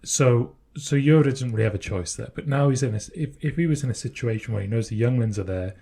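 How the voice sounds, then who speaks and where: A man's voice: mid-range voice, fast talker, gravelly, mellow, slightly rough. A man co-hosting a podcast, talking casually and reasoning through ideas step by step. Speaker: podcast co-host. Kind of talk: casual chat.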